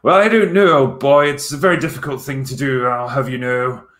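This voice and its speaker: A man's voice: mid-range voice, steady tone, fairly quick, a bit bright, reverberant, pitched above the performer's own voice, lightly acted. A Scottish man putting on a posh English accent to play a stuffy upper-class Englishman. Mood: haughty. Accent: posh English, put on.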